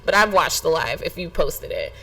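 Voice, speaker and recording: A woman's voice: deep voice, very animated, normal speed, pushed and bright, rough recording. A young adult woman hosting a podcast, talking frankly and emotionally straight to her listeners. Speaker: podcast host. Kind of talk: candid podcast monologue.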